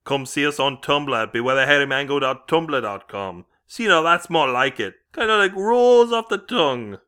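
Brash fake-British bloke, bright voice, bouncy delivery, put on by a man. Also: a little high, animated, clear, resonant tone. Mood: mock-grumpy. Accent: put-on British accent. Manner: teasing, blustery, rapid asides. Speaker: podcast host. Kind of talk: comic put-on accent bit.

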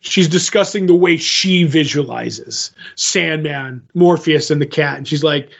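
A podcast co-host, a man with a somewhat high-pitched voice, talks through a comic book plot in a loose, rambling way. He keeps slipping into the characters' lines with "he's like" and "she's like." The recording sounds dull and lo-fi. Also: measured pace, gravelly, fairly bright tone. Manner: rambling retelling, acts out quotes with "he's like". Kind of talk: casual comic book recap.

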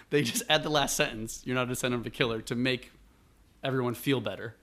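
A man from Buffalo, New York, tells a long family story as a guest in easy, rambling chat. His voice sits at an everyday middle pitch, and he keeps the tale moving by acting out what people said. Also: fast talker. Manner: lively, rambling storyteller with acted-out quotes. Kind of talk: casual storytelling.

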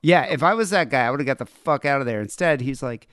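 A man's voice: on the high side, animated, quick pace, hardly any pauses, fairly bright tone, clean tone, no echo, clean studio sound. A man co-hosting a podcast, chatting casually and profanely with a wry, laid-back way of telling stories. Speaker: podcast co-host.

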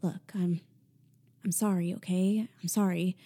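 A woman's voice: lowish voice, fairly even intonation, a little slow, warm tone. Woman voicing a bratty, flustered young woman. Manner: flustered, sulky.

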